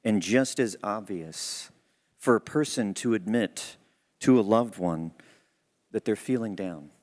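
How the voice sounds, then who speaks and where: A man's voice: on the low side, a little slow, a little mellow. A man giving a church talk, telling a story in an earnest, conversational way. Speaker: church speaker. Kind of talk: sermon storytelling.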